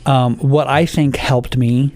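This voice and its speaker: A man's voice: medium pitch, steady tone, slow, a little mellow, no room sound. A man giving his testimony as a podcast guest, telling his story earnestly and often repeating his phrases.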